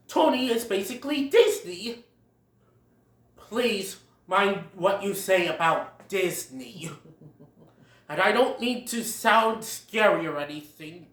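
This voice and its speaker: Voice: mid-range voice, a bit bright. A film reviewer recapping scenes in a casual way, often breaking into laughter. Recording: roomy sound, far from the mic.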